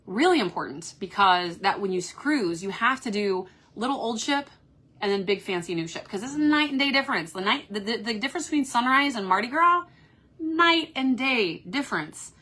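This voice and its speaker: A bright-voiced woman with a Kentucky accent hosts a casual live stream from her cruise ship cabin. She talks in an upbeat, chatty way, reacting to viewer comments. The sound is from a phone in a small cabin. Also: on the high side, expressive, fairly quick. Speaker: cruise vlogger host.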